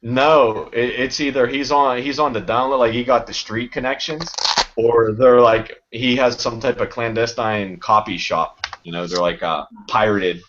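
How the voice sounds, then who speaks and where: A man's voice: medium pitch, steady tone, normal speed, fairly bright tone. Profane laughing guy, lo-fi. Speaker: channel host. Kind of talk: casual chat among friends. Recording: dull lo-fi recording with faint noise.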